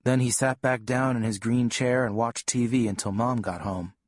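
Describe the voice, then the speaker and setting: Calm man narrating an audiobook. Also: medium pitch, normal speed, dry recording, studio quality. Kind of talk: scripted first-person audiobook narration.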